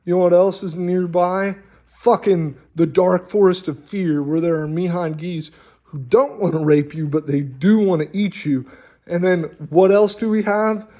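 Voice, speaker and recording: A man hosting a casual, rambling talk on tabletop role-playing, animated and full of swearing. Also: high voice, unhurried. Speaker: host.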